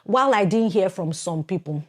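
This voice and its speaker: A woman in her forties with a Nigerian accent, co-hosting a podcast and telling a personal story in a lively way, acting out the voices of others and laughing often. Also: medium pitch, a little fast. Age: 40s. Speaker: podcast co-host.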